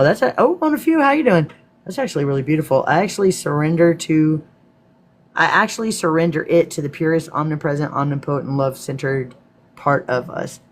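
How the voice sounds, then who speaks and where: A man with a Texan accent hosting a live stream, reading from a script and breaking off to answer viewers in a casual, swearing manner. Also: on the high side. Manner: casual, profane asides to viewers.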